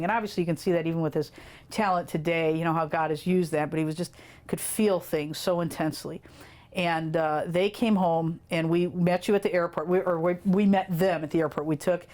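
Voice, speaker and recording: A woman telling fond family stories in an interview, animated and laughing often as she recalls them. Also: lowish voice. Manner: animated, laughs often, quotes children in dramatic voices. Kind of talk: casual storytelling in an interview.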